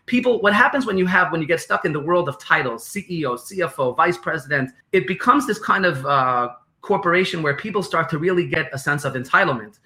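Fast, bright-voiced New York man. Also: on the high side. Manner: animated, repeats phrases, acts out quotes. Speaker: guest, business consultant. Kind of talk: podcast interview explanation.

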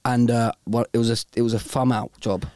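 A man's voice: mid-range voice, level tone, brisk, warm tone, no room sound. Brief: young English male host, laid-back slangy storyteller, dry close sound. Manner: chatty, laughing, slangy storyteller. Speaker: podcast host. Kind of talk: casual chat.

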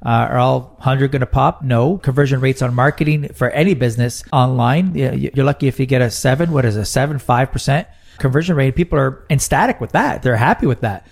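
A man's voice: mid-range voice, fairly quick, creaky. Rambling joking middle-aged man. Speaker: podcast co-host. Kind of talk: casual chat.

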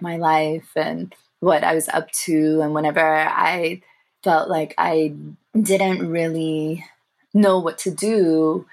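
A young woman, a guest in an interview, telling personal stories in a thoughtful, warm way with soft laughs and pauses. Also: sits low, gravelly. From grew up in England, family from Sri Lanka. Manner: thoughtful, warm, laughs softly, frequent fillers. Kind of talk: reflective personal storytelling.

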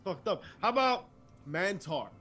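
A man's voice: sits high, sing-song, measured pace, pushed and bright. A man in a casual group chat, brash and profane, with heavy slang.

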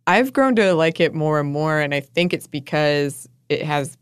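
Woman cohosting a podcast, kinda low voice, laughs a lot, lots of ums, dry close sound. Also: expressive, normal speed, clear, resonant tone, dry recording. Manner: chatty, laughs often, many fillers. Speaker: podcast co-host. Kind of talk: casual chat.

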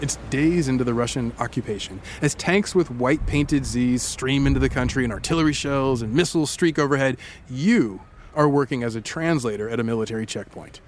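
A man hosting a podcast, telling a story in the second person with playful, dramatic pauses and animated delivery. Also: mid-range voice, a little hiss or hum.

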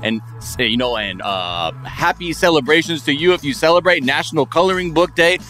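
A man's voice: a little high, lively intonation, fairly quick, bright, forceful tone, soft background music. A man hosting a casual comedy podcast, riffing playfully and jumping into goofy bits. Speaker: podcast host.

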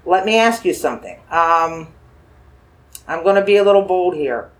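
With lively intonation at a medium pitch, a paranormal investigator gently questions a spirit using dowsing rods. They repeat phrases, coax and reassure, and ask slow yes-or-no questions.

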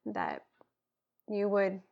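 A woman with a gravelly, creaky edge to her voice speaks slowly and earnestly. Her prayer and thanks come soft-spoken, often sinking to a whisper, and she is openly moved. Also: medium pitch, very animated, highs cut off. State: tearful and emotional. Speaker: podcast guest, children's pastor. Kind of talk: spoken prayer and heartfelt chat.

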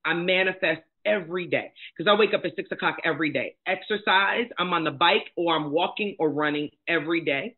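Middle-aged woman, husky voice, blunt candid storytelling, tinny phone-line sound. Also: lowish voice, fairly quick, few pauses. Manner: emphatic, blunt and animated. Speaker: guest, life coach and motivational speaker. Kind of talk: candid personal storytelling in conversation.

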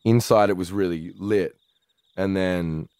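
A man's voice: low voice, a little slow, clear, resonant tone, no echo, clean studio sound. A young Australian man co-hosting a podcast, telling a wild story in casual chat with plenty of swearing. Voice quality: swears freely, animated retelling. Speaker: podcast co-host.

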